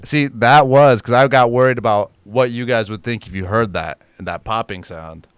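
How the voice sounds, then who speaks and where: A man's voice: medium pitch, normal speed, clean tone, no room sound. A man co-hosting a casual comedy chat, giggly and crude. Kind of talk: casual banter.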